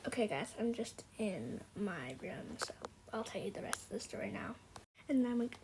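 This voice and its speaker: A woman's voice: fairly high pitch, moderate pace, distant mic. A young female vlogger chatting through a story while getting ready for bed, full of "like"s and quoted dialogue. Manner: chatty, many "like"s, quotes her friends in dialogue. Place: bathroom then bedroom at home. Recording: echoey room with background noise.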